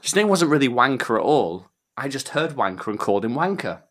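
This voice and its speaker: A man's voice: medium pitch, big pitch swings, brisk, fairly bright tone. A man from England, co-hosting a podcast and telling rambling, self-deprecating anecdotes in casual chat. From northern England. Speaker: podcast co-host.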